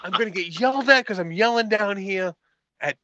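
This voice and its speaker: A man's voice: high-pitched, fairly quick, sharp tone, no room sound, highs cut off. A man co-hosting a casual movie podcast, ranting in exasperation with lots of stammered restarts. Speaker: podcast co-host. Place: room at home, late evening.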